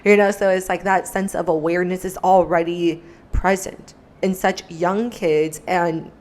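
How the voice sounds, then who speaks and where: A woman gives reaction commentary in a lower voice. She speaks in an earnest, reflective way, often with soft, musing asides. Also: steady tone, a little slow.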